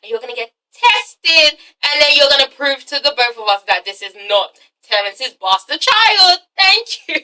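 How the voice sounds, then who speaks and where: A woman's voice: high-pitched, lively intonation, normal speed, bright, forceful tone, far from the mic, poor audio. A woman mimicking a bossy jealous woman. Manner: sassy, profane, emphatic.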